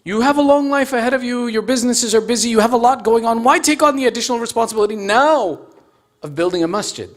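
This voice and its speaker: A man voicing a merchant's wife in a told story, raising his voice high for her puzzled, worried questions. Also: expressive, fast talker, lightly acted. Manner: pitched up, questioning.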